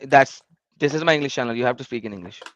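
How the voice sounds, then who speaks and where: A man's voice: mid-range voice, fast, fairly bright tone, highs cut off. A man hosting a live debate stream, blunt, mocking and combative.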